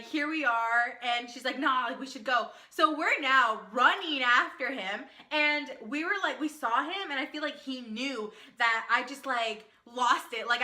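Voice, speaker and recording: A young woman telling an excited storytime to her vlog viewers, talking fast with lots of "like" and acted-out quotes. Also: sits high. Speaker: vlogger. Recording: echoey room.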